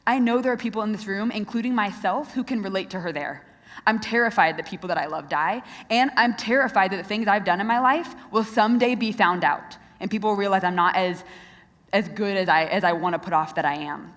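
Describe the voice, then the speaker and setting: A woman's voice: medium pitch, fairly quick. Earnest young woman speaking in a hall. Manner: earnest, direct, asks the crowd questions. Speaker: Christian speaker. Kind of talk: youth talk to a live audience. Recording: long reverb of a large hall.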